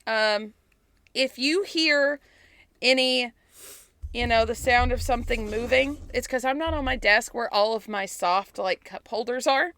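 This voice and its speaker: A woman's voice: on the high side, measured pace, a bit bright, a little hiss or hum. A woman co-hosting a podcast in casual chat, talking a lot, laughing often and swearing casually, recording from a small home closet on a laptop. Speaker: podcast co-host. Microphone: laptop setup on a fold-out table.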